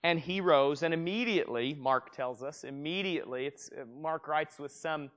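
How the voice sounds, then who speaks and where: A man's voice: a little high, moderate pace. A man preaching a sermon in a church room, reading scripture aloud and acting out gasps with frequent restarts. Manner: animated, acts out gasps, restarts often. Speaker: pastor. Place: church room with a gathered congregation.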